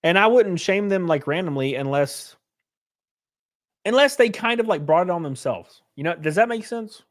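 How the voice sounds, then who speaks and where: A man's voice: sits high, animated, normal speed. A man hosting a casual livestream, reading viewers' comments aloud and answering them in a loose, joking, rambling way. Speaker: livestream host reading chat.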